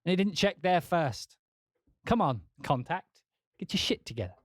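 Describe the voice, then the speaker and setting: Swearing composer chatting on stream. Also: male voice, high voice, very animated, moderate pace, no room sound, studio quality. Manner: swearing, self-mocking, talking to chat while working software; putting on a mock Scottish accent. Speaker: composer streaming his work. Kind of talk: casual livestream chat.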